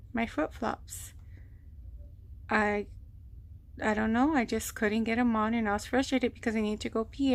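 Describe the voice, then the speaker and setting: A woman telling a long personal story on her vlog, rambling and animated, acting out what people said. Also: fairly high pitch. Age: adult, mother of a grown son. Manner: rambling, animated retelling with quoted voices. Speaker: vlogger. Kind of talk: casual storytelling.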